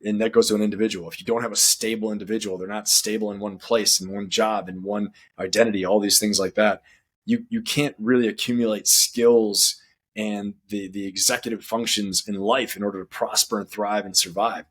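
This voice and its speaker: Man, low husky voice, earnest, advising, panel talk. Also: flat delivery, brisk.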